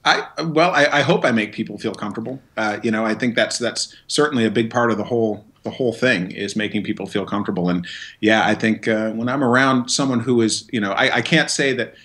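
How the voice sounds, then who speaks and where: A wedding DJ from Vermont guests on an interview show, chatting casually in an easygoing, hesitant way with fillers. His voice is lowish, a bit bright, and fairly quick.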